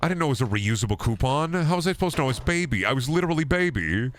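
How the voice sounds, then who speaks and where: A young man streaming a game, rambling in a self-mocking way and swinging into loud mock outrage. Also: medium pitch, expressive, racing, a little hiss or hum. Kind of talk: casual gaming stream chatter.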